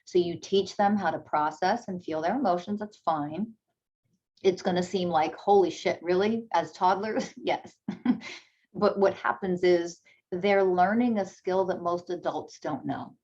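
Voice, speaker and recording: A woman giving a candid motivational talk, blunt and emphatic, swearing freely and acting out parent dialogue in a high sing-song. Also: measured pace, darkish tone, dull audio. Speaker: self-development speaker.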